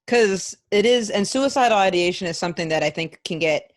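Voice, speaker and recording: A woman's voice: mid-range voice, a little fast, no room sound. A woman hosting a podcast interview, chatting casually and supportively with her guest. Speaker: podcast host.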